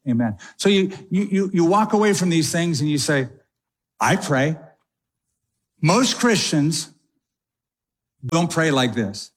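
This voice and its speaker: A man's voice: a little high, animated, breathy edge. Conversational man preaching a sermon. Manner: conversational preaching with quick asides and slowed emphasis. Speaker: pastor.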